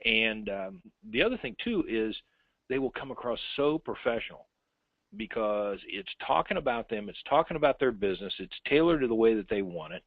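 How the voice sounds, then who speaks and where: A man's voice: lowish voice, animated, moderate pace, dry recording. A man hosting in casual chat, enthusiastic and full of fillers and restarts. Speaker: host. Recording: tinny phone-like line.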